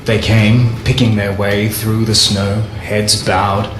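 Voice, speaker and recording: Slow, solemn low-voiced male narrator. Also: little pitch movement. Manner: measured, solemn and deliberate. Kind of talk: scripted first-person diary narration. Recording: echoey room with faint music.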